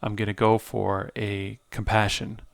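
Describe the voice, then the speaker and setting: A man's voice: on the low side, monotone, measured pace, vocal fry, smooth, no room sound, studio quality. A man hosting a let's play, reading game text aloud and explaining with hesitant fillers as he searches for words.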